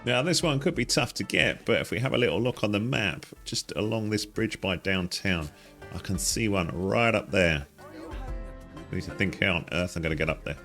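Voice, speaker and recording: A man's voice: lowish voice, lively intonation, moderate pace, a bit bright, soft background music. A man giving casual commentary on a game he is playing, chatty and easily delighted, with frequent exclamations. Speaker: gaming guide host.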